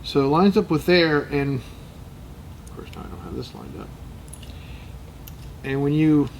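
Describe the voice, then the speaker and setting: A man's voice: a little high, big pitch swings, a little slow, creaky, a little mellow, slight background noise, rough recording. Rambling man thinking aloud. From United States. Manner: rambling, joking, drifting into off-topic tangents; thinks aloud, muttering to himself while working. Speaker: channel host. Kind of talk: casual chat while taking apart and cleaning a gun.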